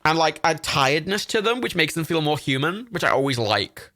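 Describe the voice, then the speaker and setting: A man's voice: on the high side, very animated, fairly quick, sharp tone, no room sound, studio quality. Rambling, swearing young man from Ireland. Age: 20s. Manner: rambling, enthusiastic, swears freely, many fillers. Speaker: livestream host. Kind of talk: casual chat while browsing films.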